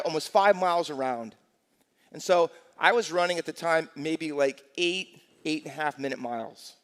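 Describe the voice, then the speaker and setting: A man in his sixties, a pastor preaching a lively sermon in a church, telling stories and asking the congregation rhetorical questions. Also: a little high. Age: 60s. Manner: energetic storytelling with rhetorical questions. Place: church sanctuary. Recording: long church hall reverb.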